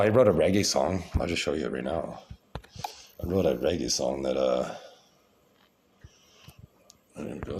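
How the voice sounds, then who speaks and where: A man's voice: extremely low pitch, a little mellow, a little hiss or hum. A man talking to camera in a rambling, grandiose vlog monologue, with frequent restarts and repeated words.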